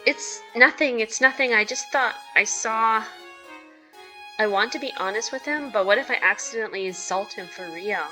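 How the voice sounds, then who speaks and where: A woman's voice: a little high, normal speed, pushed and bright, soft background music. Woman reading a shy, anxious teen girl. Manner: anxious, self-deprecating, earnest. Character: shy, nervous unpopular teenage girl. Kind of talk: reading visual novel narration.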